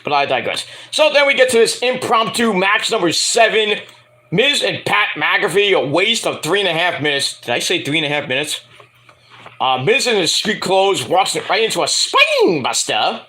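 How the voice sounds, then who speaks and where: A man with a high, bright voice that swings up and down all over as he rants through a wrestling review. He talks in a loose, animated and foul-mouthed way. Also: normal speed. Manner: animated, profane, jumps into mocking impressions. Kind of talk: casual ranting review.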